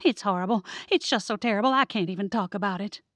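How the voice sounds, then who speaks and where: A woman's voice: mid-range voice, fast talker, no room sound, close to an everyday voice. A woman voicing a panicky, frightened young woman who shrieks and whimpers, in storybook narration. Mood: alarmed.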